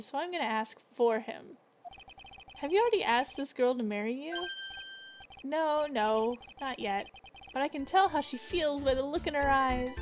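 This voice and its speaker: A woman's voice: sits high, natural voice, poor audio. A woman reading the part of a goofy, lovesick young man who whines and dramatizes.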